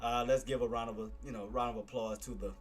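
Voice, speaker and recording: A young man on a casual live stream, cheering market moves with loud excitement and turning soft and emotional. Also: medium pitch, quick pace. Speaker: live streamer talking stocks. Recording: faint music behind.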